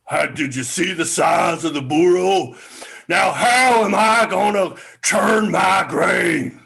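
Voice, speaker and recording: A man voicing a huge, grumpy male giant in an improvised comedy scene, booming, slow and menacing. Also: gravelly, pushed and bright, a little hiss or hum, exaggerated voice. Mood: grumbling.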